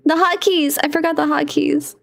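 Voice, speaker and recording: A woman VTuber chats casually with viewers on her live stream, giggly and flustered, often squealing and muttering to herself while she fixes her setup. Her voice is high, creaky and fairly bright, with fairly even intonation at a normal speed.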